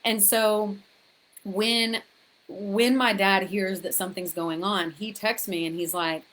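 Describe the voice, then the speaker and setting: A woman speaking straight to her viewers in a frank, chatty storytelling voice. She talks at a middling pitch and restarts her sentences as the story runs ahead of her. It sounds like a personal, unscripted vlog. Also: slow pace. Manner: restarts and repeats words when excited. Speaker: author sharing her story. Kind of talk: candid personal storytelling to camera.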